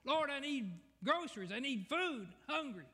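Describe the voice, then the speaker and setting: Given by a man in a sermon, a bold elderly churchwoman bursts out with shrill, exultant praise. Her voice sits far above a normal speaking pitch and carries loud and bright. The long reverb of a church hall rings behind every call. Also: sing-song, normal speed, exaggerated voice.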